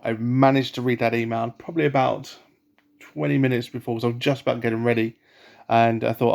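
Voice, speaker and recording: Soft-spoken man with a gravelly, flat voice. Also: medium pitch, moderate pace. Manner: rambling, with many fillers and restarts. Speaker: vlogger. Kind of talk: casual personal story.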